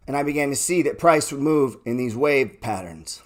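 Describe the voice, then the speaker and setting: A man giving a trading talk, cursing often and firing rhetorical questions, swinging between loud bursts and low murmurs. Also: lively intonation, moderate pace, few pauses. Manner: profane, emphatic, rhetorical questions. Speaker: trading educator. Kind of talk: motivational talk.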